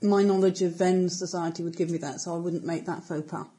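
Mellow-voiced composed woman player. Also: fairly low pitch, steady tone, low-quality recording. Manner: composed, measured, formal in character. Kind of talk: tabletop role-play chat.

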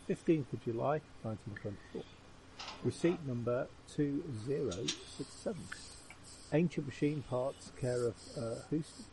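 A man's voice: medium pitch, a little slow, a little hiss or hum, rough recording. A man in a tabletop game reading ledger entries aloud in a plain voice, with uhs and small self-corrections. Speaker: player.

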